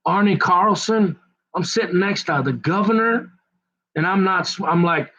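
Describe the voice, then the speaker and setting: Guy rambling thru a comedy monologue, kinda high pitched, muffled lo-fi audio. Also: moderate pace, bright, forceful tone. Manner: rambling, self-mocking, slips into put-on voices.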